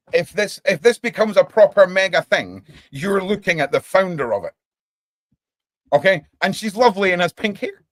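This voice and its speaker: A man's voice: mid-range voice, dry recording. Chatty man hosting a livestream. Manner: animated, chatty, says "right?" often. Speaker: podcast host. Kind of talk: casual livestream chat.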